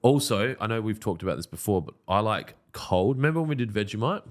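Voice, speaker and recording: A man's voice: on the low side, expressive, fast talker. A man co-hosting a casual podcast, joking and swearing freely. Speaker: podcast co-host. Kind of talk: casual banter.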